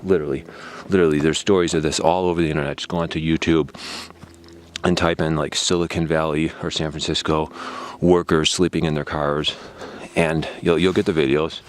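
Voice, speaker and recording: A man's voice: rumbling low, level tone, fairly quick. A man delivering a heated, repetitive, sarcastic political rant, talking straight into his own camera. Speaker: political vlogger. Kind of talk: ranting monologue.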